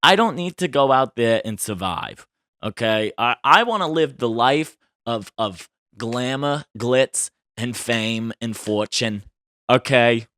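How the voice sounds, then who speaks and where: Chatty, bright-voiced male podcast host. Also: medium pitch, slow, dry recording, studio quality. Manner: expressive and chatty, with frequent tag questions. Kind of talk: casual celebrity gossip chat.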